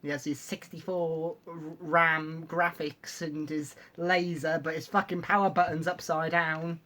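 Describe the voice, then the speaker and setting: A man's voice: fairly high pitch, level tone, measured pace, sharp tone, slight background noise. A man commenting casually and sarcastically on a cartoon as a vlogger, swearing often.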